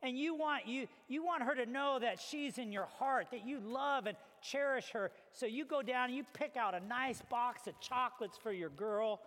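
A man preaching a sermon as a pastor, telling stories with animated acted-out little scenes. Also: very high-pitched, normal speed, hardly any pauses. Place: church hall. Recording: reverberant hall.

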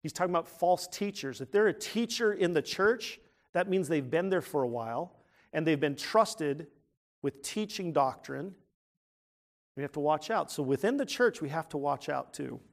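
A man preaching a sermon in a conversational way, asking the congregation questions and dropping to a hushed tone for serious points. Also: a little high, animated, moderate pace, creaky. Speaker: pastor.

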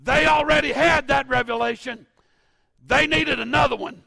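Fifties male pastor, gravelly fry, dry close sound, fervent preacher swinging from shouts to quiet asides. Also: extremely high pitch, steady tone, moderate pace, no room sound. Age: 50s. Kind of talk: sermon.

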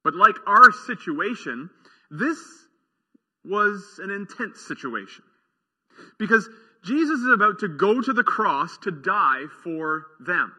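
A man preaching an earnest, measured sermon as a pastor in a church, letting his phrases trail off softly. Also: high voice, very animated, slightly rough, big-room sound.

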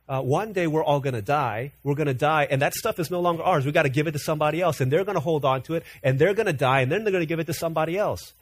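A man's voice: fairly high pitch, breathy edge. A man in his thirties, a pastor preaching an earnest, conversational sermon full of personal stories.

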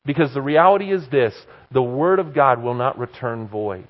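A male pastor and professor preaching a sermon, telling a story and acting out the dialogue with animated delivery. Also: medium pitch, moderate pace. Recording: dull lo-fi sound.

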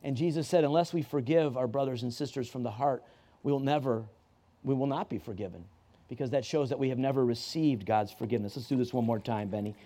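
A pastor preaches to his church congregation in a conversational style, quick and mellow in a medium-pitched voice. He frequently restarts sentences and repeats key phrases for emphasis.

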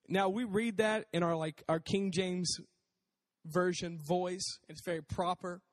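A man preaching a casual sermon in a conversational, animated way, acting out voices as he talks. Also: high voice, normal speed, big-room sound.

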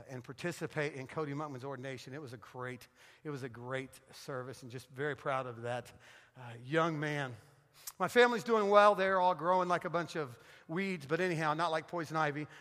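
A middle-aged man preaching in a church, telling funny stories in an animated, joking way. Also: a little high, long reverb tail. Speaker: guest pastor. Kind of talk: sermon with storytelling. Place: church sanctuary.

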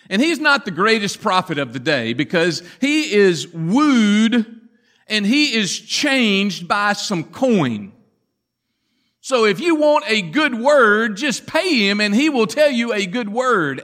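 A man preaching a sermon, telling the story dramatically and swinging from loud to hushed. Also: sits high. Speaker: pastor.

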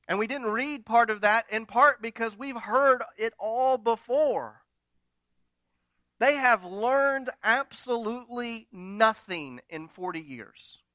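A man preaching a sermon from slides. He swings between loud, dramatic retellings and quiet, intimate asides to the congregation. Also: very high voice, slow, dry recording. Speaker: pastor.

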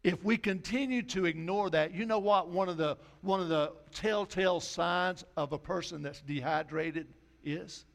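Man, pastor, folksy sermon, slightly high voice, soft quoted asides. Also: normal speed, creaky, hardly any pauses.

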